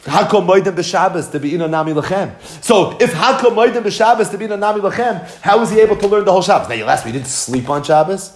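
A man teaching a Talmud lesson in an animated, sing-song study cadence, weaving in Hebrew and Yiddish terms. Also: sits high, fast talker, hardly any pauses. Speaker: Torah teacher. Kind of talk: Talmud lecture.

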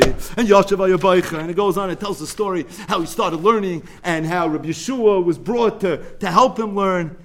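A man teaching a Talmud class, telling the story with lively emphasis and weaving Hebrew and Yiddish terms into casual English. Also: a little fast, few pauses. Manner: rises to emphatic bursts, drops low for asides.

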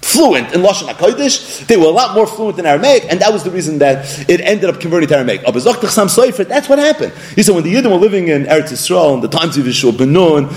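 A man giving a Torah lesson in an animated way, acting out the people he quotes and weaving in Hebrew and Aramaic terms. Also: fairly high pitch. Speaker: Torah teacher.

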